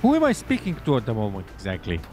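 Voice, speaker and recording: A man's voice: on the low side, huge pitch swings, fast talker, a little mellow, soft background music. A man sarcastically commentating a game as he plays, exasperated and swearing freely. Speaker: gameplay commentator. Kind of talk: let's play commentary.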